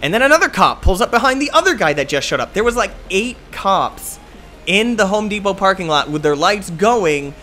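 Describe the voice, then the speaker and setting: Bright-voiced young man rambling a story. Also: high voice, very animated, normal speed, a little hiss or hum. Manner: rambling, laid-back storytelling with lots of "like" and "uh". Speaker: gaming video host. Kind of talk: casual gameplay commentary and storytime.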